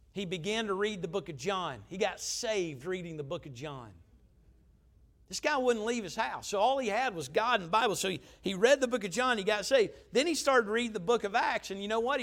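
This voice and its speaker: A pastor tells stories from the pulpit. He has a high voice for a man and preaches emphatically, dropping to a hush and then rising again. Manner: emphatic, conversational preaching with swings in volume. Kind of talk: storytelling sermon.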